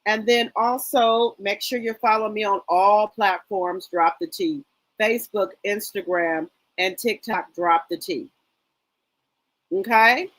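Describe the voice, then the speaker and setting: A woman's voice: medium pitch, measured pace, fairly bright tone, rough recording. Woman, middle-aged, livestream host: casual gossip chat, greets everyone by name, rambly with fillers. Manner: chatty, greets viewers by name, trails off with fillers. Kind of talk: casual live chat reading viewer comments.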